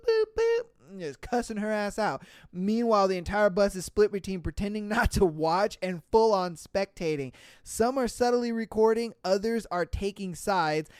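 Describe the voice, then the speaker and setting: A podcast host reading out reddit stories and reacting with loud exclamations, swearing and frequent laughter, into a close mic. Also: medium pitch, clean tone, no echo. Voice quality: profane, exclamatory, laughs often.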